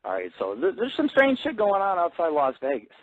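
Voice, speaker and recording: A man's voice: high-pitched, wildly swooping pitch, brisk, no echo. Crude, rambling man on tinny lo-fi audio. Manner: loose, crude storytelling with many fillers. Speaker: internet radio host. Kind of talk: rambling profane monologue. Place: Las Vegas.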